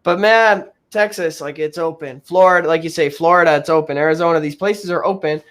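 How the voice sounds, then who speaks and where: A man hosting a casual chat, upbeat and quick to laugh and agree. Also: fairly high pitch, fairly bright tone. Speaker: host.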